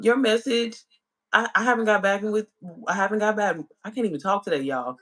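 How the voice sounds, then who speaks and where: A woman's voice: mid-range voice, expressive, moderate pace, long pauses. Chatty woman coaching on a livestream. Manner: chatty, addresses viewers as y'all and girl. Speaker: online business coach. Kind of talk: casual livestream chat.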